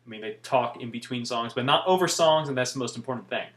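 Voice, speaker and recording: A man rambles to camera in a relaxed vlog, drifting from one thought to the next with wry asides. His voice sits at a middle pitch, and the room around him rings with noticeable echo. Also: quick pace. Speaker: vlogger. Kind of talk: casual chat to camera.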